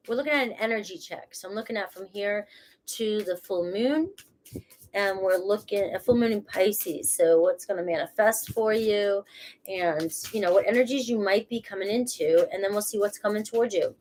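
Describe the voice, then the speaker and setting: A chatty woman who has a cold gives a casual tarot reading, rambling from point to point and laughing at herself along the way. She speaks in an ordinary middle pitch. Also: moderate pace. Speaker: tarot reader.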